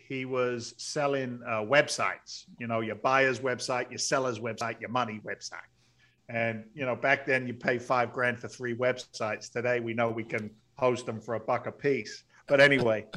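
A middle-aged man, a podcast guest, telling stories in a blunt, salty, animated way. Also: medium pitch. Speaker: podcast guest, real estate investor. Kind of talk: storytelling interview.

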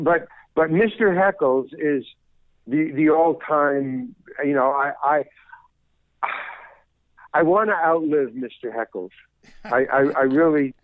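A man's voice: fairly high pitch, no room sound. Older man on a tinny phone line. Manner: rambling, many restarts and repeated words. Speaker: guest actor. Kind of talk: casual interview chat.

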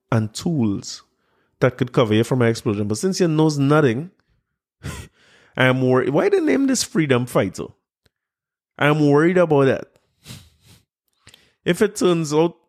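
A man's voice: fairly high pitch, darkish tone. A man, mocking a news article he reads aloud, incredulous and laughing at it. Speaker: commentator reacting to a news article. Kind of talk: mocking commentary on a news story.

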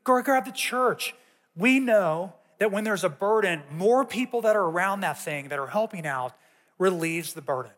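A man's voice: high-pitched, moderate pace. A man teaching a sermon in a conversational way, telling personal stories to a church audience. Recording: long reverb of a large hall.

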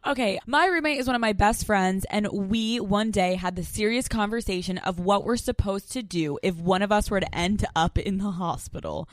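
A woman's voice: medium pitch, normal speed, hardly any pauses, dry recording. A young woman co-hosting a podcast, chatting bluntly and laughing often as she tells stories. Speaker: podcast co-host. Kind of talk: casual chat.

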